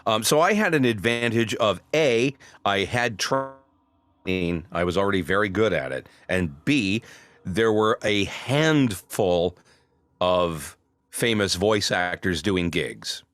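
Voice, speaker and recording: A middle-aged male voice actor telling stories in a casual interview, snarky and animated. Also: fairly low pitch, slow, no room sound. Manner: storytelling, animated. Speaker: voice actor guest.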